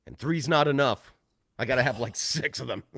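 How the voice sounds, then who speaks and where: A man's voice: mid-range voice, a little fast, creaky, a bit bright, dry recording, clean studio sound. A man co-hosting a casual livestream chat, enthusiastic and giggling often. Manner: giggly, swooping laughs, enthusiastic. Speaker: co-host.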